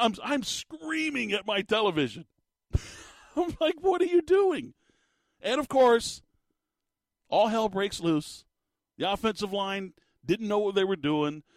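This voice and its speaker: A male sports talk host in full rant, exasperated and emphatic, circling back over the same words as he stacks up complaints. His voice sits a touch higher than most men's, and it's recorded close and dry with no room sound. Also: no room sound. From Arizona. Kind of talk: animated sports commentary rant.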